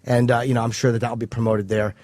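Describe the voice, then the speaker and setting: A male radio host interviews a guest, probing with jokes and pointed questions. He talks quickly in a middle-pitched voice. The studio sound is close and dry. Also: little pitch movement, a little mellow, no room sound. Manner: joking, probing, quick-talking.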